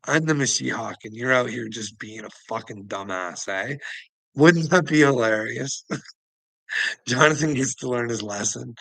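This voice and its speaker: A man with a gravelly, fry-heavy voice and a tense, sharp edge rants to his viewers. He laughs constantly through his sentences, swears freely and mocks people by name. The sound is dry and close. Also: medium pitch, measured pace, no echo, poor audio. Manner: laughs constantly while talking, profane and mocking. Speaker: channel host. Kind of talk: rambling livestream rant.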